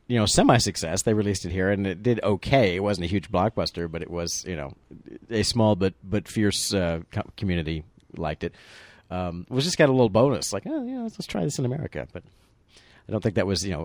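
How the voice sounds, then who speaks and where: A man's voice: fairly low pitch, darkish tone, dry recording. A man hosting a casual movie chat, rambling with many restarts and fillers.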